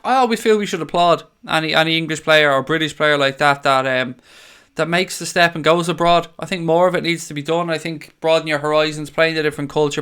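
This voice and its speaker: His fairly high-pitched voice comes across bright, forceful, clear and resonant. The speaker is a young Irish fan channel host on a live stream who reads out the chat, talking casually, bluntly and with a lot of swearing.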